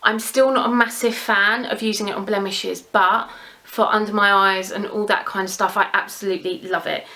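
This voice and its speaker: A woman's voice: medium pitch, steady tone, moderate pace, bright, forceful tone. A young British woman talking casually to camera as a beauty vlogger, chatty and rambling with gushing enthusiasm.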